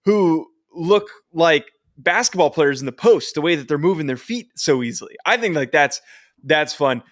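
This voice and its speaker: A man's voice: a little high, expressive, moderate pace, a bit bright, no room sound. Hyped football pod guy, voice cracks a lot, dry close mic. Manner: enthusiastic, prone to voice cracks. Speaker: podcast co-host. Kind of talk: casual sports chat.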